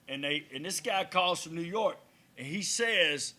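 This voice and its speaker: A man's voice: on the high side, a little slow. A man co-hosting a casual podcast in a cigar lounge, telling stories and acting out conversations. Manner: animated storyteller who acts out conversations. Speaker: podcast co-host. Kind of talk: casual banter and storytelling.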